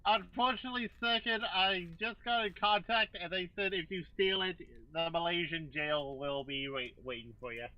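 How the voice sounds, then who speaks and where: High bright guy cracking deadpan jokes, muffled lo-fi call sound. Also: moderate pace, hardly any pauses, dry recording. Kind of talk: casual group chat.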